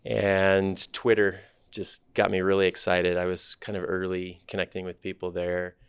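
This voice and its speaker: Low gravelly man telling his story. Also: normal speed, dry recording. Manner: relaxed storytelling, thoughtful, candid. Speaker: startup CEO guest. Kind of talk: podcast interview.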